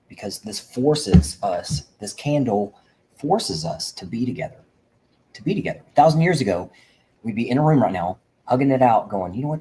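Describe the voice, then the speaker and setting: A man's voice: mid-range voice, expressive, moderate pace, dark tone, poor audio. A man hosting a livestream for veterans, preaching fervently and rambling with frequent restarts. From Indiana. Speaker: veteran advocate host. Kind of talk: livestream talk.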